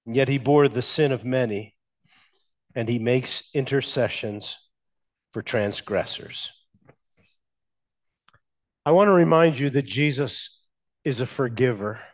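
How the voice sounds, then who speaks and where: A man preaching a sermon as a pastor, speaking in slow, measured phrases with emphatic pauses and asking the congregation questions. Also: mid-range voice.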